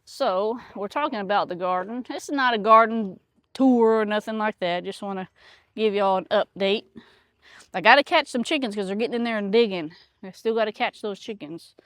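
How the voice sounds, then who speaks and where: A woman's voice: medium pitch, dry recording. A woman chatting casually outdoors in her garden, rambling with lots of fillers. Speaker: homesteader vlogger. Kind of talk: casual chat.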